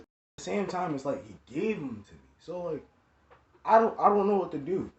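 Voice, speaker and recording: In an echoey room with faint noise and dull, lo-fi audio, a young man does a casual storytime, rambling in slang and repeatedly saying "like" and "you know what I'm saying." He speaks a little high and a little fast, with expressiveness.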